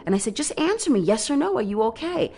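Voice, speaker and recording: A woman's voice: on the high side, big pitch swings, fast talker, dark tone. A woman giving documentary interview testimony, retelling a phone call with emotion and quoted speech. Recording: music bed under the voice.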